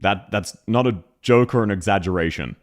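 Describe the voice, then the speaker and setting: A man's voice: fairly low pitch, moderate pace. A young man with a Canberra Australian accent, casually chatting on a live stream, laughing and swearing often.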